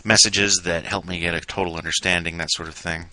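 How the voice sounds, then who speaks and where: A man's voice: sits low, flat delivery, fairly quick, pushed and bright, slight background noise. A man hosting an interview, asking questions and encouraging his guest in a conversational way. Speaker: podcast host.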